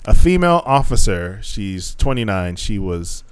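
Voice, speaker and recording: A man co-hosting a casual podcast chat, telling animated teaching stories, swearing freely and acting out quotes. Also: fairly low pitch, measured pace, clear, resonant tone, no room sound.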